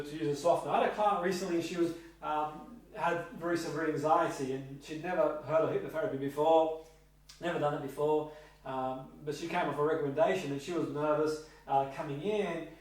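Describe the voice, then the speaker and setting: A middle-aged man teaching a seminar on hypnotherapy, speaking haltingly with many ums and slow, emphatic pauses. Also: on the high side. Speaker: hypnotherapy trainer. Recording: echoey room, heard from a distance.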